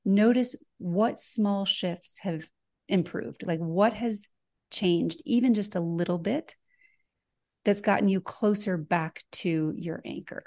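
Calm woman host with a mellow voice. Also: fairly low pitch. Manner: calm, explanatory, with casual fillers. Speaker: host giving an exercise. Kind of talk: guided instruction in a podcast conversation.

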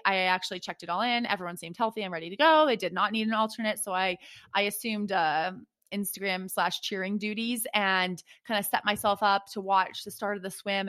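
Animated woman telling a story. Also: mid-range voice. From United States. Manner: rambling, animated storytelling with many fillers. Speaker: podcast co-host and triathlete. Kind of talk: casual chat.

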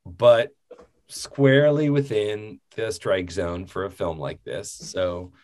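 A man casually recapping a film on a podcast, rambling and animated, laughing often as he talks. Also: on the low side, slow pace. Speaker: podcast co-host.

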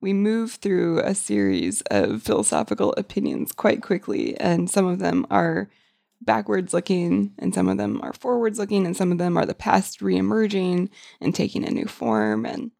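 A woman with a gravelly, creaky voice and a lively, animated pitch co-hosts a relaxed book podcast. She delivers her remarks with dry, wry humor. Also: moderate pace. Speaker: podcast co-host. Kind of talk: casual book-club podcast chat.

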